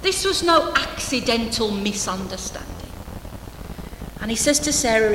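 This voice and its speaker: A woman delivers a sermon in a conversational, humorous way, slipping in dry asides to her congregation. Her voice sits a little high. The hall around her rings with long reverb and a faint room hum. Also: expressive, measured pace, bright, forceful tone. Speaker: preacher. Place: church hall. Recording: echoey church hall, faint ambience.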